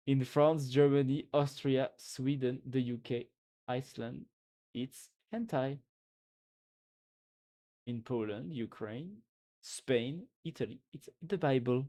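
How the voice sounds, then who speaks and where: A man's voice: mid-range voice, takes it slowly, long pauses, a little mellow. Young man streaming, chatty and irreverent. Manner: reads memes aloud and comments with laughs and swearing. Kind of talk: casual live-stream reaction chat.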